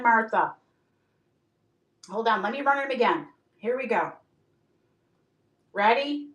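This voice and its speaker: A woman's voice: a little high, a bit bright. A woman selling items on a live stream in a bubbly, chatty way, greeting viewers by name and joking. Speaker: live-stream auction seller. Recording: echoey room, mic far off.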